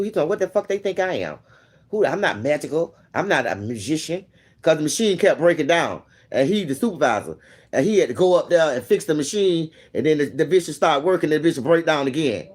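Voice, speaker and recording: A man sits with a friend and tells a story in a loose, profane way, acting out every line people said to him. His voice sits fairly high and jumps up and down in pitch all the time. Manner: animated, profane, acts out quoted dialogue. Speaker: vlog host.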